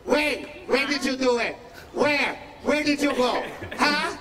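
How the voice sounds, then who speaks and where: A man in his fifties putting on his mother, yelling endless demanding questions at her young son on a comedy stage. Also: steady tone, slow pace. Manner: shrill repeated demanding questions. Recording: distant stage mic, roaring crowd.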